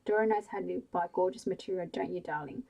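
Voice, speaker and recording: A woman's voice: on the low side, fast talker, creaky, mellow, rough recording. A woman voicing a coaxing, motherly middle-aged mother in a whispered bedtime story. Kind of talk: whispered role-play.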